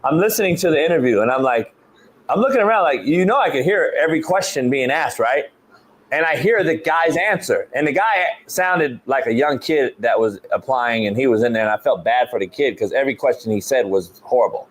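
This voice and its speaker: A middle-aged man hosting a sports talk show, telling a story in a casual, animated way, swearing often and stumbling over repeated words. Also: medium pitch, a little fast. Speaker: show host, football coach.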